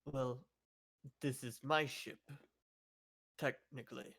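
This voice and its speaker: A man's voice: mid-range voice, fairly even intonation, slow pace, a bit bright, dry recording, clean studio sound. A man playing a tabletop role-playing game, talking in and out of character with frequent stammers. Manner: stammering, playful in-character talk. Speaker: player.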